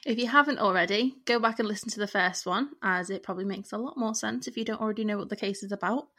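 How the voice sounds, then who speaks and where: A woman with a northern English accent, from the north of England, co-hosts a casual true crime podcast, recapping cases in a relaxed manner. She talks fast at a medium pitch.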